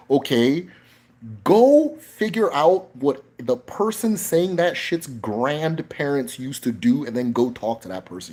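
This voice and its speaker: A man's voice: fairly high pitch, lively intonation, normal speed, creaky, mellow. A man hosting a casual livestream Q&A, talking in a blunt, emphatic way with frequent profanity. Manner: emphatic, blunt, profane, tags points with "right?". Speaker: livestream host.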